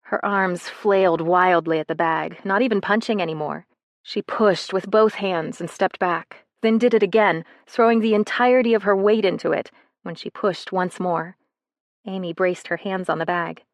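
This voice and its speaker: A woman reading a first-person romance novel in a soft, intimate way, as scripted narration. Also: lowish voice, moderate pace, dry recording. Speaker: audiobook narrator.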